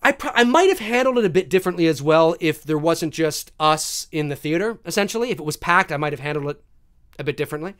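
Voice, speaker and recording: A man hosts a casual live stream, telling a story to his viewers. His pitch leaps up and down as he acts out scenes and swears freely. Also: expressive, fast talker, a bit bright, clean tone. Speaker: live-stream host answering viewer questions.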